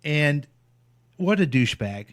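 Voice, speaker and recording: A man's voice: on the high side, sing-song, unhurried. Blunt, indignant male radio co-host. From Missouri, US. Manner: blunt, indignant, laughs often. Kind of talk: casual political chat.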